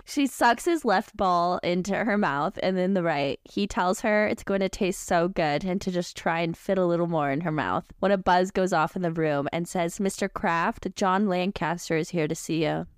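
A woman's voice: fairly low pitch, moderate pace, few pauses, clear, resonant tone, no room sound, studio quality. A woman podcast host, amused and laughing often, recapping a book and reading excerpts aloud.

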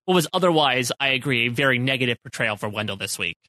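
A man's voice: mid-range voice, expressive, fast talker, pushed and bright, dry recording. A man co-hosting a casual podcast, chatty and joking. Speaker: podcast co-host.

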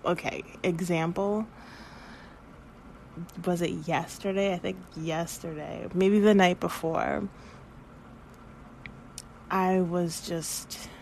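A woman in her thirties talks slowly in a casual podcast monologue, rambling, candid and free with swear words. Her voice sits a little low and carries emotion close to tears, with a faint hiss of room ambience behind her. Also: steady tone, darkish tone. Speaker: podcast host.

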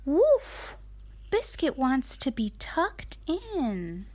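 A mother hosting a bedtime story show, reading a children's picture book aloud in an animated, sing-song voice. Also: a little high, slow pace.

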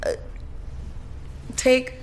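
A woman's voice: extremely slow, slight background noise. A woman guest talking candidly and profanely in a casual chat, often laughing.

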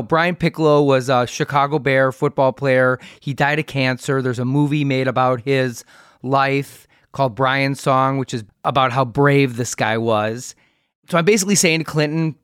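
A middle-aged man hosts a casual interview in a medium-pitched voice. He is chatty and swaps stories with his guest. His voice is recorded close and dry. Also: fairly even intonation, moderate pace, a bit bright, clean tone, no echo. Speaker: podcast host.

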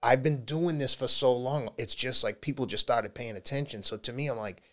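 A man's voice: medium pitch, fairly quick, fairly bright tone. A man, a marathon runner talking candidly as a podcast guest, laughing often. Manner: candid, laughs often, slips into quoted voices. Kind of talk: casual interview talk.

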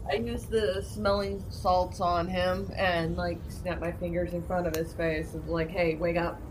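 A woman playing a tabletop role-playing game, talking casually and a little hesitantly. Background noise is clearly audible behind her. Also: on the low side, level tone, a little slow. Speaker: player.

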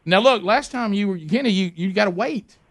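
A man hosting a radio call-in show, calling a prize wheel and chanting and shouting as it spins. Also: high voice, lively intonation, brisk, no echo, studio quality.

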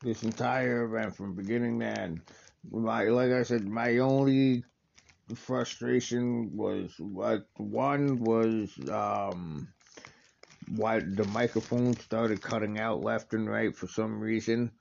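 A man's voice: fairly low pitch, fairly even intonation, slow pace, creaky, a little mellow, lo-fi sound. A man hosting a casual wrestling watch-along, talking in a rambling, enthusiastic way with lots of fillers and restarts.

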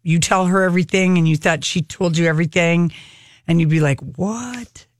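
A woman's voice: on the low side, fairly even intonation, a little fast, dry recording. A woman co-hosting a radio show, chatting casually and laughing easily. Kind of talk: casual banter.

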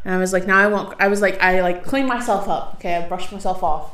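A woman's voice: lowish voice, quick pace, slight background noise. A young adult woman co-hosting a podcast, ranting in casual chat, swearing a lot and laughing often. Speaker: podcast co-host.

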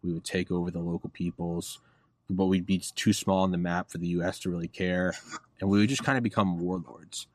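A man in his thirties with a low voice tells long stories as a podcast guest, cursing freely and rambling. He swings from quiet, trailing asides to loud, excited bursts. His close mic sounds dry and intimate. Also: brisk, no echo. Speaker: podcast host being interviewed. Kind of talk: casual interview storytelling.

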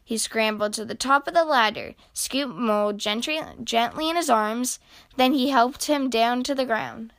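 Bright-voiced woman reading to kids. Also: a little high, moderate pace, no room sound. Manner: expressive storytelling. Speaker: children's story reader. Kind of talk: reading a picture book aloud.

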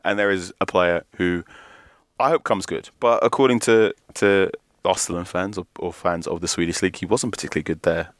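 A man co-hosting a football podcast, joking in quick, rambling asides. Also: sits low, fairly even intonation, no room sound. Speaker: podcast co-host. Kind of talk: casual sports chat.

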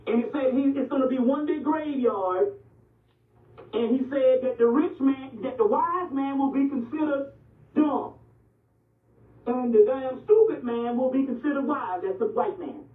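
A high-voiced man delivers an animated street-talk lecture on ancient Egyptian history and religion at a measured pace, blunt and profane, repeatedly asking "you see what I'm saying." The recording is distant, echoey and tinny, like a phone line.

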